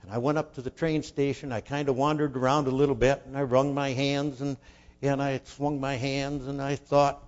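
An older man telling a folksy childhood story, asking his listeners questions and dropping to a hush for his inner thoughts. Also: medium pitch, level tone, normal speed. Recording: dull lo-fi recording.

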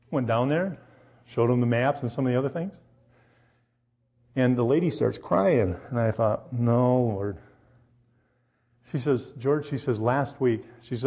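Preaching in a church hall, a man of medium pitch tells his congregation personal stories and hits them with direct questions, all in an animated manner. The audio has its highs cut off.

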